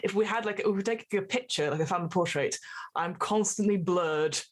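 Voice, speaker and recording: A woman's voice: medium pitch, brisk. Woman, podcast host, tabletop player, bubbly, rambling, giggly. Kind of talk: casual chat at a game table.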